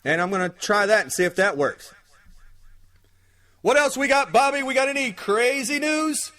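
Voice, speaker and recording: A man's voice: extremely high pitch, animated, moderate pace, sharp tone. A man hosting his own podcast, rambling casually and jokingly, reading out news with plenty of swearing. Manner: loose, rambling, profane, jokey. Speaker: podcast host. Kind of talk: casual comedic podcast talk.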